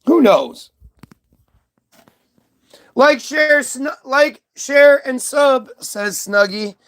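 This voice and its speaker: Male streamer with a high voice, ranting loosely, casual profanity. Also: takes it slowly, fairly bright tone. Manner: rambling, profane, reads aloud from screen. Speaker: livestream host. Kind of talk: rambling livestream monologue.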